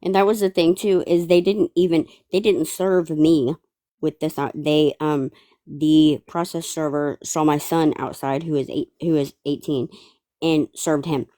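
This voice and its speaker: A caller in their forties on a live stream, speaking hesitantly, with halting starts and many fillers. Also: mid-range voice, fairly even intonation, dark tone.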